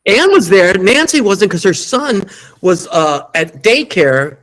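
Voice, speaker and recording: A man who is a guest musician, telling lively anecdotes in an interview and acting out the quotes. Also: high voice, slow pace, poor audio. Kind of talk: storytelling interview.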